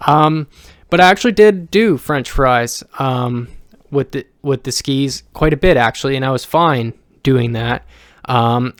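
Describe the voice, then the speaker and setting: A young man talking casually in a rambling vlog, pausing often with ums and restarting his sentences. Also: mid-range voice, no echo, clean studio sound. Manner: halting, many ums and restarts. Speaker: vlogger.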